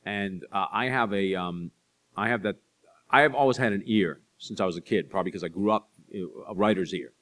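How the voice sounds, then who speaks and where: A middle-aged man, an author, answering audience questions with chatty, self-deprecating stories and quick asides. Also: fairly low pitch. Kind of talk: live Q&A storytelling.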